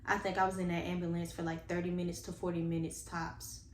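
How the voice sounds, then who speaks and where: A woman tells a personal story to her viewers, earnest and animated as she talks to them directly. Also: fairly low pitch, fast. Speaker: vlogger telling a personal story. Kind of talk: casual storytime monologue. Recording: echoey room with faint background noise.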